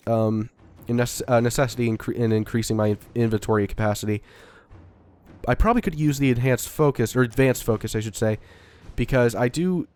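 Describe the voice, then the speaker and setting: A man's voice: medium pitch, darkish tone, clear, resonant tone. Young man from Texas, a bit stuffy from a cold, rambling let's-play talk with casual swearing and lots of ums. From Dallas–Fort Worth area, Texas. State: getting over a cold. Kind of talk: casual gameplay commentary.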